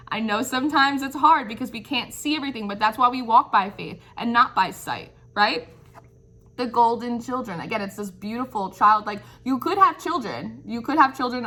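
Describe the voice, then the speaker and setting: A woman's voice: medium pitch, pushed and bright. A woman giving an intuitive tarot reading. She muses and searches for words, often checks in with "right?", and speaks in an encouraging, affirming way. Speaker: tarot reader.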